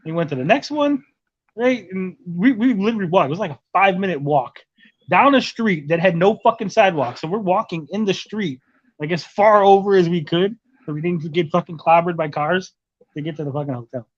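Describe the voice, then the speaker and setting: A man rambles through a story on a podcast, swearing freely and checking in with "right?" after nearly every point. His voice sits a bit high. The recording sounds dull and lo-fi. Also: fairly quick. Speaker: podcast host. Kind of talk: casual chat. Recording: lo-fi muffled audio.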